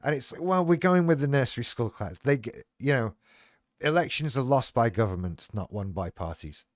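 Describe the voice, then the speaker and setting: A man's voice: medium pitch, animated, normal speed, dry recording, clean studio sound. A man hosting a livestream, chatting frankly and wryly, with plenty of swearing. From United Kingdom. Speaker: livestream host. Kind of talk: casual chat.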